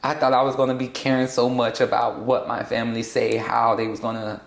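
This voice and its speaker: A young trans woman from South Florida speaking in a candid sit-down interview, blunt and sassy and quick to laugh. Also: very deep voice, flat delivery, reverberant. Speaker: interview guest.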